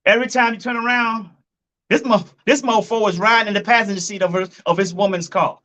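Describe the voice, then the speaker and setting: A man's voice: sits high, fairly even intonation, fairly quick, a bit bright. A man giving blunt, profane relationship commentary, repeating his points and calling his listeners folks and family.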